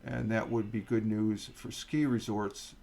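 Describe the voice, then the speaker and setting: A man's voice: lowish voice, flat delivery, measured pace, vocal fry, darkish tone. A middle-aged man hosts a casual morning livestream from home, rambling with fillers and asides as he reads out a weather article. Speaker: livestream host. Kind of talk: casual morning stream chat.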